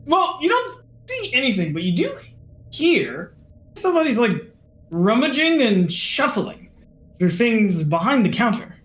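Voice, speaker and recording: Woman GM, bright and animated narration, roomy sound. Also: a little high, measured pace, a little hiss or hum. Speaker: game master. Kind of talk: narrating a tabletop game.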